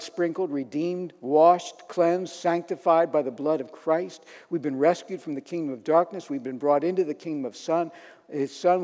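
A male pastor delivers a sermon in a fairly high, mellow voice that rises into emphatic declarations. The echo of a church hall surrounds him.

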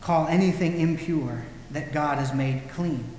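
A calm, commanding divine voice gives slow, deliberate orders, voiced by a man preaching. It rings through a large hall with heavy, lingering echo. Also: a little high, slight background noise, lightly acted. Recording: echoey hall.

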